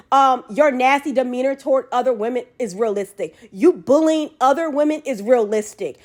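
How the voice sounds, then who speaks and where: A woman with a Southern American drawl ranting to camera in an emphatic, repetitive way, full of ums and restarts. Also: high-pitched. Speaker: commentary vlogger. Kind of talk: casual rant to camera.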